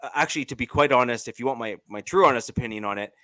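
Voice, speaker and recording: A man's voice: mid-range voice, very fast, sharp tone, dry recording. A man with a Canadian accent, co-hosting a casual sports chat and talking with many fillers and restarts. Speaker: podcast co-host.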